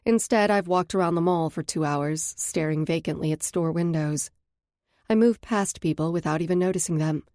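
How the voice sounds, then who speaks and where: A woman narrating a first-person romance audiobook in a measured, introspective way. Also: fairly low pitch, darkish tone, dry recording, studio quality.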